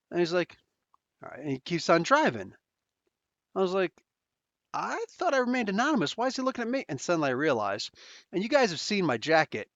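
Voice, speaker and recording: A podcast host with a New Jersey accent, rambling through an anecdote full of slang and restarts. His pitch bounces around a lot, sitting a bit high for a man. The sound is dry and somewhat dull, like a lo-fi home setup. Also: fairly bright tone, no room sound. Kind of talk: casual storytelling.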